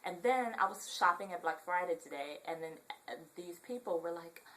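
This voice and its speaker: In a loose, rambling vlog peppered with ums, a young Southern Californian woman chats in a relaxed way. She speaks at normal speed with a fairly low, congested, nasal voice and a Southern Californian accent. The recording quality is low.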